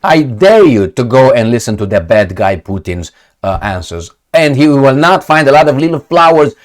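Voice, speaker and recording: A man's voice: medium pitch, sing-song, moderate pace. A man giving opinionated commentary to camera, rambling and exasperated, with many hesitations, restarts and non-native phrasing. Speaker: commentary vlogger.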